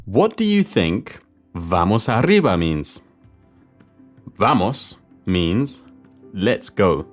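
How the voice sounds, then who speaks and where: A man's voice: on the low side, very animated, slow, long pauses. A man hosting a scripted language lesson, theatrical and careful with pronunciation drills. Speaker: language podcast host. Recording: faint music under the voice.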